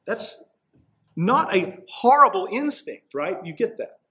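A man's voice: high-pitched, very animated, unhurried, sharp tone. A man preaching a sermon in a conversational way, often checking in with "right?" and acting out the people he quotes. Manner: conversational preaching, frequent "right?" asides, acts out quoted voices. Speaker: pastor.

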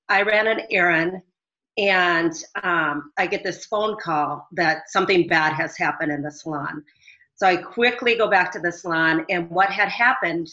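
A middle-aged business owner calls into a talk show and recounts events in an earnest, rambling phone-in interview. Her voice is on the low side, pushed and bright, and the audio is dull and lo-fi.

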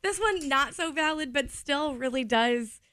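A woman's voice: high voice, animated, measured pace, sharp tone, no echo. A woman co-hosting a morning radio show, wry and giggling as she chats with the hosts. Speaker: radio co-host. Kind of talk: casual on-air banter.

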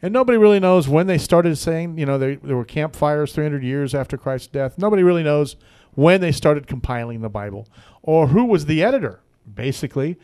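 A man with a fairly high, smooth, clear voice hosts a local radio talk show from the studio. He talks in a rambling, joking way, full of fillers and asides. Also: expressive, brisk, darkish tone. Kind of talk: casual radio chat.

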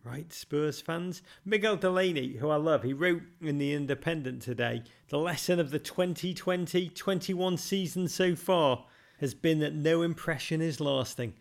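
A man's voice: on the high side, normal speed, vocal fry. A man hosting a football podcast, answering listener questions with dry, self-mocking humour and theatrical flourishes. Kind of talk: wry, theatrical monologue.

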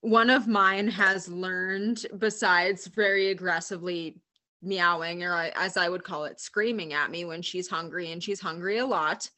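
Bright-voiced woman co-host, wry and easygoing. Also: lowish voice, steady tone, measured pace. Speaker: podcast co-host. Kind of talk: casual chat.

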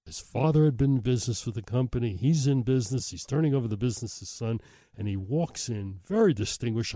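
A man's voice: mid-range voice, warm tone, no echo, clean studio sound. A middle-aged man, a host telling a story in a wry, self-deprecating way. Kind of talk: storytelling monologue.

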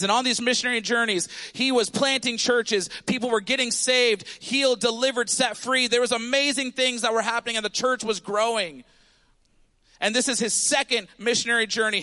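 A high, bright-toned man in his thirties preaches to his congregation. He tells an animated story and keeps calling out to the room for answers and responses. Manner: animated storytelling with audience call-outs. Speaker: pastor. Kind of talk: sermon. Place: church sanctuary.

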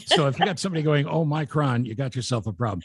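A man's voice: medium pitch, sing-song, rapid-fire, fairly bright tone, husky, dry recording, studio quality. A man co-hosting a casual chat podcast, joking and teasing in banter. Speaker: podcast co-host.

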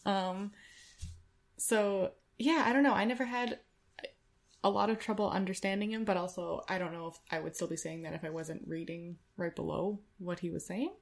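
A woman's voice: medium pitch, normal speed. A woman co-hosting a casual podcast, chatting with easy laughter. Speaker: podcast co-host. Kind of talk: casual chat.

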